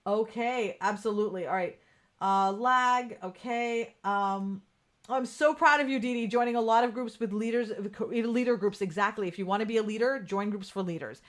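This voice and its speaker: A woman's voice: medium pitch, moderate pace. A woman hosting a casual live-stream coaching talk from home, candid and profane, laughing often and answering viewer comments. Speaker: podcast host. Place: home room with ring light.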